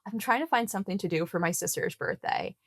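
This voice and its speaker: A woman's voice: medium pitch, fast talker, dry recording, clean studio sound. A woman guest on a podcast chatting casually, jokey and dramatic. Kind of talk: casual chat.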